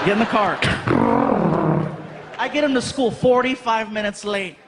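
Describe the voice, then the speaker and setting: A man's voice: high voice, a little fast, noisy background. A man in his thirties performing a stand-up comedy set, telling stories animatedly and acting out many voices. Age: 30s. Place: large live venue.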